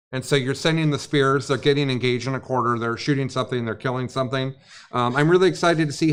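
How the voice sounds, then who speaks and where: A man's voice: medium pitch, clean tone. A man hosting a tabletop gaming livestream, rambling and joking to fill time between games. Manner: rambling, jokey, filling time. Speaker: stream host. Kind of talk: casual livestream chat.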